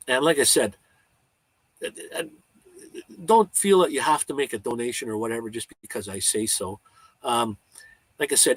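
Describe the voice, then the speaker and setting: A man chats on a live stream in a husky, slightly breathy voice, rambling and heartfelt, often restarting his sentences. His voice sits at an ordinary middle pitch, and the sound is dry and close with no room around it. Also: dry recording, low-quality recording. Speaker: vlogger hosting a live chat. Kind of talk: casual live-stream chat.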